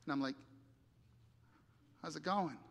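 High-voiced man telling a sermon story. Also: measured pace, gravelly. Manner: animated storyteller acting out dialogue, dramatic volume swings. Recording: reverberant hall.

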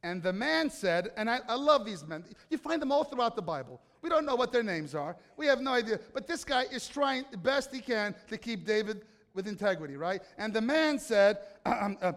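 High-pitched guy preaching, jokey and chatty, keeps quizzing the crowd, big echoey hall. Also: expressive, moderate pace, few pauses, a bit bright. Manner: conversational, joking, quizzes the congregation. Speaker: pastor. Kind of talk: sermon.

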